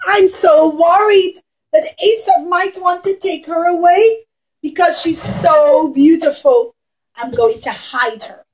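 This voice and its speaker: A woman's voice: extremely high pitch, slow pace, voice pushed up, low-quality recording. A woman voicing an anxious young boy in a children's puppet show, speaking fretfully and with emphasis.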